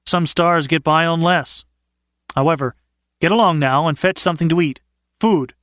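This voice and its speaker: A man's voice: on the high side, normal speed, fairly bright tone, dry recording, natural voice. A man voicing a brash, self-assured young man in an audiobook, with wry, cocky asides. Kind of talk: audiobook character voice.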